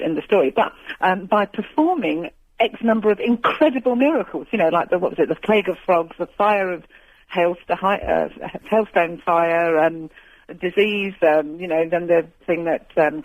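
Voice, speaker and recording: A woman rings in to a radio phone-in and tells her story in a meandering, halting way, full of ums and little laughs. Her voice is a bit husky and comes through a thin, tinny phone line. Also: fairly low pitch, no echo. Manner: rambling, hesitant, laughing often. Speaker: caller. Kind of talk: phone-in chat.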